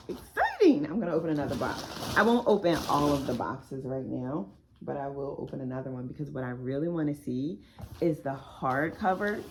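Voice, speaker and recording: A woman's voice: sits low, noisy background. A woman author unboxing her own book in a casual vlog, chatty and emotional with frequent exclamations.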